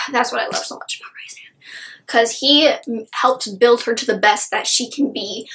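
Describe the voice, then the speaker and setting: A woman's voice: on the high side, unhurried, sharp tone, a little hiss or hum, poor audio. A woman gushing about a book she loved in a casual, rambling review, full of "like" and asides.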